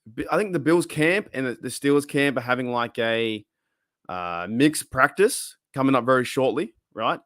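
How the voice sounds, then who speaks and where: Chatting and rambling on his casual live stream, an Australian man reads out what viewers comment. He sounds animated, with a mid-range, fairly bright voice at normal speed, and the clean studio sound has no echo.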